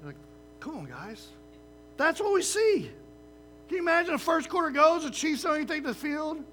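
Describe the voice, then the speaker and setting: High bright-voiced male preacher. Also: normal speed, a little hiss or hum. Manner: conversational preaching with frequent "right?" asides; lively, uses sports comparisons. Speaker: pastor. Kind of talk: sermon.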